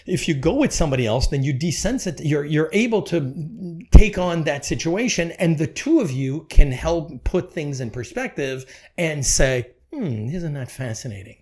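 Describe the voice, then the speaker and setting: Animated man, lively and emphatic. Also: on the high side, normal speed, hardly any pauses. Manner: animated, emphatic, repeats phrases. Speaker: podcast guest, real estate executive. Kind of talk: podcast conversation.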